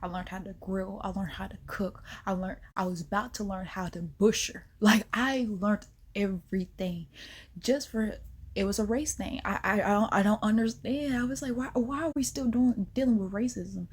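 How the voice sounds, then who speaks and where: A woman vlogger telling a personal story in a casual, slangy way, animated, with whispered asides. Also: medium pitch, moderate pace, breathy edge.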